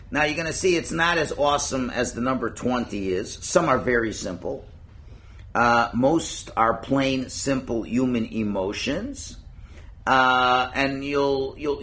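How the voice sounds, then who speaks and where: A man teaching a religious class in a lively, conversational way, acting out little scenes and chuckling at his own points. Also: mid-range voice. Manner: animated, acts out quotes, chuckles at own points. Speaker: Torah teacher.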